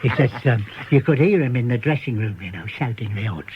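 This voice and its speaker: A man's voice: mid-range voice, lively intonation, a little fast. Older man recalling old stage days. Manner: anecdote teller quoting old colleagues. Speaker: guest entertainer. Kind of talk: reminiscing radio chat. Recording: muffled old radio broadcast with faint hiss.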